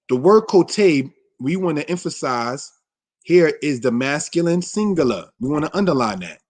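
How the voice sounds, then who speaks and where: A man teaching a Hebrew class over slides, repeating points and calling listeners brothers and sisters, saying vocabulary slowly. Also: medium pitch. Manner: says vocabulary slowly and deliberately. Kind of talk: slide-based language lesson.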